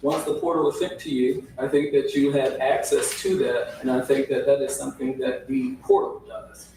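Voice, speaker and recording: A man's voice: medium pitch, expressive, moderate pace, a little mellow. A man testifying as a records custodian, picking his words carefully and checking in with "right?". He sounds distant, caught from across a heavily echoing courtroom with faint hiss underneath. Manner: hedging, repeats "right?" to check in. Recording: echoey room audio from far off, faint hiss.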